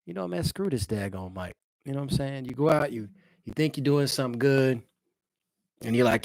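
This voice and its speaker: A man's voice: mid-range voice, normal speed, pauses often, a little mellow, dry recording. A married man hosting a casual live stream from his home, chatting loosely and directly with his viewers. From eastern United States. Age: adult, married father. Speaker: livestream host.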